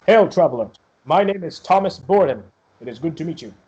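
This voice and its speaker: A man's voice: on the high side, lively intonation, fairly quick, darkish tone, lo-fi sound, pitched above the performer's own voice, close to an everyday voice. A man voicing a stern, dutiful male guard captain in a tabletop game, speaking in a formal, solemn way.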